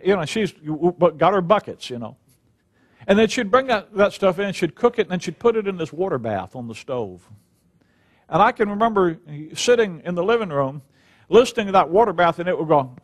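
An older man teaching the Bible in a sermon, reading scripture slowly and with emphasis, then drifting into folksy personal stories. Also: high-pitched.

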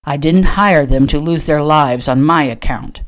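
A woman voicing a protective rich rancher in an audiobook, speaking low and firm with a commanding manner. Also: measured pace. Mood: insistent.

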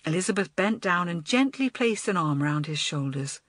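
A woman reads a children's storybook aloud, her voice rising and falling in a lively, animated way. The recording is close and completely dry, with no room sound at all. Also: lowish voice, normal speed, hardly any pauses, no room sound. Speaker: audiobook narrator. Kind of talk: scripted storybook narration.

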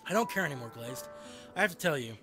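A man reading a video game's lines as an obsessive, lovestruck teenage girl, in a soft, intense voice. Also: a little high, animated, fast, soft background music, pitched below the performer's own voice. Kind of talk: voicing game dialogue.

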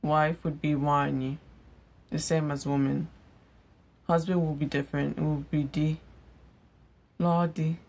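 Young female host, casual vlog lesson; low gravelly voice, unhurried, repeats every word. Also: little pitch movement, a little mellow. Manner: chatty, self-deprecating, repeats each word slowly. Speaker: language teacher, channel host.

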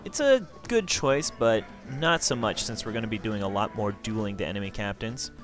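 A man's voice: lowish voice, expressive, normal speed, faint music behind. A man giving casual, enthusiastic let's play commentary as he walks through a game. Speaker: gameplay commentator.

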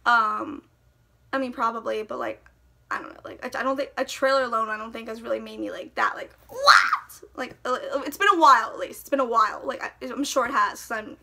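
A young woman gushing in a casual vlog, full of "like" and excited outbursts about how she feels. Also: a little high, quick pace, gravelly. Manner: gushing, breathless fangirl talk packed with "like". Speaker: YouTuber.

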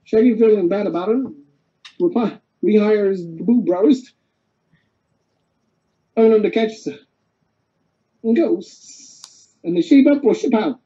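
A man's voice: sits high, slow pace, pauses often, lo-fi sound. A man casually retelling a cartoon plot, rambling and restarting as he goes. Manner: rambling, stops and restarts while summarizing. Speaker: co-host recapping a cartoon.

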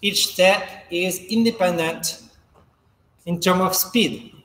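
Man fencing coach, high voice, unhurried calm instruction, roomy echoey hall. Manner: calm, measured instruction, counting out drills while moving. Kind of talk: follow-along footwork class.

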